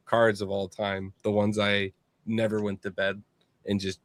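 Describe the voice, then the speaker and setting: A man hosting a casual podcast chat, rambling on in a loose, animated way and swearing freely. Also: fairly low pitch, a little slow, no room sound. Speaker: podcast host.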